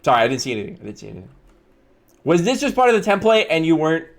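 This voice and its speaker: A young man with a fairly high, animated voice that swings up and down as he reacts. He reads slides aloud in a casual, bemused way and breaks into chuckles and wry asides. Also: very fast. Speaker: streamer reacting to viewer slideshows. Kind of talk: casual live-stream commentary.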